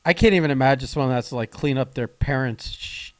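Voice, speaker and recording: A man's voice: mid-range voice, no echo. A man on a podcast chatting casually, laughing and reacting to a story. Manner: reacts with laughter and quick comments. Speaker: podcast co-host. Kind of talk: casual chat. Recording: dry recording.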